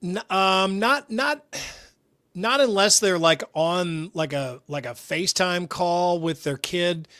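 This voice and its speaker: A man co-hosting a casual sports talk show, telling stories in an animated way. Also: sits high, takes it slowly, no echo, studio quality. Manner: storytelling, animated, does funny voices. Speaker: radio co-host.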